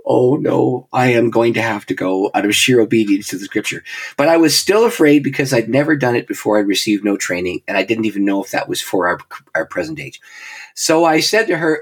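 A man's voice: mid-range voice, breathy edge. An older male pastor telling a personal story, acting out the dialogue and laughing at his own lines. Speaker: pastor and guest speaker.

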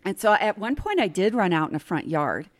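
Brief: middle-aged woman, podcast guest, lively storyteller whose pitch swings widely. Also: fairly quick. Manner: animated, vivid storyteller. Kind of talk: telling a personal story in casual chat.

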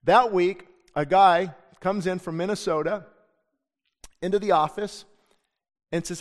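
A man's voice: high-pitched, fairly even intonation, unhurried, long pauses. A middle-aged man preaching a sermon as pastor in a church, earnest and conversational, telling stories from his own life. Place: church sanctuary. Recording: long church hall reverb.

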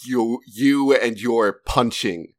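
A man's voice: medium pitch, takes it slowly, dry recording, clean studio sound. A man co-hosting a podcast, mostly giving short replies and wry comments in casual chat. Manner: laid-back listener, short replies and wry asides. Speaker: podcast co-host.

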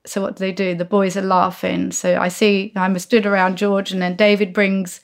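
A woman's voice: medium pitch, moderate pace, creaky, few pauses. A woman, telling an anecdote as an interview guest and acting out the voices of the people in it. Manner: animated, acts out the voices of the people in her story.

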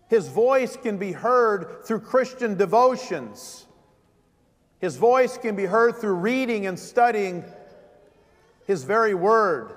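A man's voice: high voice, long reverb tail. A man preaching a sermon as vicar, driving points home with repeated rhetorical questions.

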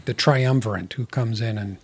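A man with a slightly husky voice talks through an old film with a friend. He is relaxed and jokey, often trailing off mid-thought and restarting. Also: mid-range voice, normal speed. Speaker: podcast co-host. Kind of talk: casual chat.

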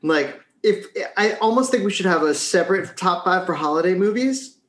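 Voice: mid-range voice, expressive, moderate pace. Brief: eager, gushing podcast co-host who repeats words; echoey room. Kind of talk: casual chat.

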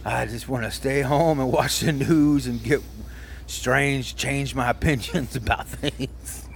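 A man's voice: medium pitch, steady tone, creaky, a little hiss or hum. A man doing a comedic impression of an older male soul singer who sweet-talks and calls everyone baby. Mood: smooth, teasing. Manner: croons "baby" at the end of lines, drawn-out and teasing. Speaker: podcast co-host.

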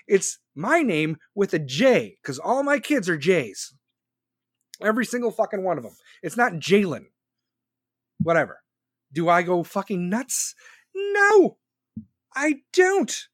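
A man's voice: high voice, dry recording, studio quality. A man hosting a podcast, delivering a sarcastic, profanity-laced political rant. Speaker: podcast host.

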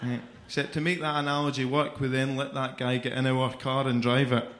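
A man's voice: mid-range voice, little pitch movement, brisk. A young Scottish man doing a stand-up comedy set, swearing, mocking himself, and chatting with the crowd. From Scotland. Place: comedy club stage. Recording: echoey club with audience noise.

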